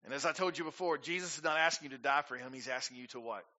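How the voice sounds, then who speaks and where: A man's voice: mid-range voice, very fast, sharp tone, dull audio. A male pastor preaching a sermon, rising to emphatic peaks and asking the congregation rhetorical questions.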